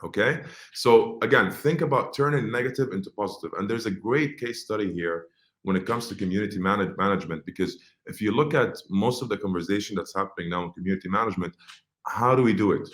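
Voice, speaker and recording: A man's voice: on the low side, fast, fairly bright tone. A man from Egypt speaking in a business webinar, conversational, with frequent fillers and restarts. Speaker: webinar speaker on social media marketing.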